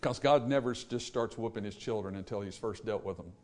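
A man preaching, swinging between loud emphatic points and hushed pleading. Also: fairly low pitch, brisk. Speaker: pastor. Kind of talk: sermon. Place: church sanctuary.

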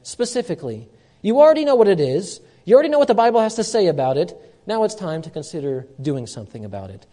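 Guy preaching a sermon, kinda high voice but mellow, repeats stuff for emphasis, goes loud then quiet. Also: very animated, fast. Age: young adult or middle-aged, a parent. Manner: emphatic preaching, repeats key lines, swings loud and soft. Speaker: pastor.

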